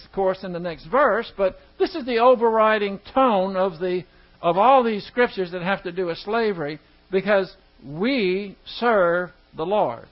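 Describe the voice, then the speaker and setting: A high-pitched man leads a Bible study, stumbling over words and starting them over as he explains a verse. He puts questions to his listeners as he goes. The recording sounds dull and muffled. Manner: halting, stumbles and restarts words; asks the class rhetorical questions. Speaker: Bible teacher. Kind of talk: evening Bible study teaching.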